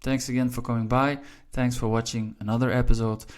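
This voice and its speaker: A man's voice: mid-range voice, level tone, brisk. A man from Belgium, a Dutch speaker, hosting a casual language lesson in an encouraging way with frequent "all right?" check-ins. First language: Dutch (Flemish). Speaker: language teacher and channel host.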